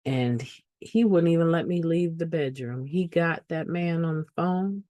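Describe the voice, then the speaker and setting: A woman's voice: sits low, measured pace, mellow, dry recording. A woman giving an earnest personal testimony at a recovery meeting, repeating phrases for emphasis.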